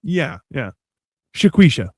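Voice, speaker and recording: A man's voice: on the high side, slow pace, no echo, clean studio sound. A man co-hosting a casual livestream chat, joking and swearing freely as he spins silly stories. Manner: joking, profane, animated storytelling. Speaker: co-host.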